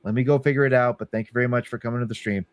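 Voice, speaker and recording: A man's voice: mid-range voice, steady tone, rapid-fire, clear, resonant tone, dry recording. A young man, chatting casually as a podcast co-host, rambling and swearing between laughs. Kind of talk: casual chat.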